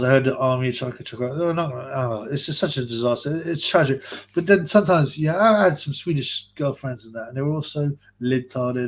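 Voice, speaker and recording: A young man hosting a live stream, reading out chat messages in a rambling, chatty way and laughing often. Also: on the high side. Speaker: livestream host reading chat.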